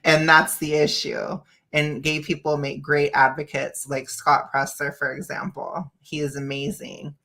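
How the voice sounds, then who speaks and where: A woman's voice: deep voice, flat delivery, a little slow, few pauses, a bit bright. A woman hosting a casual reaction stream over a video call, blunt and opinionated, often breaking into laughs. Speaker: stream host.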